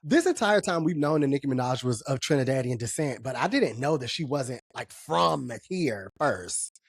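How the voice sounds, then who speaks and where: A woman co-hosting a podcast, chatting casually about celebrity gossip in an animated, laughing way. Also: a bass voice, moderate pace, husky, no echo, clean studio sound. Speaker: podcast co-host. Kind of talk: casual pop-culture chat.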